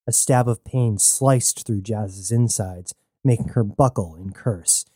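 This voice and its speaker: A man narrating a sci-fi story in steady scripted storytelling. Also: fairly low pitch, takes it slowly, hardly any pauses, breathy edge, dry recording, studio quality. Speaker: audiobook narrator.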